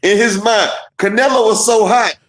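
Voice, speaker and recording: A man with a high-set voice talks through fight moments in an animated, profane way and acts out the boxers' lines. He sounds like he is in a roomy, echoey space. It is a casual live stream chat. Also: moderate pace. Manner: animated, profane storytelling with acted-out quotes. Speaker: boxing stream co-host.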